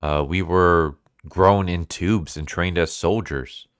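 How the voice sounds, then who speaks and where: An earnest, trusting soldier bear protests loyally, as a man reads him out. The voice is very low and smooth. The sound is dry and close. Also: steady tone, takes it slowly, no room sound.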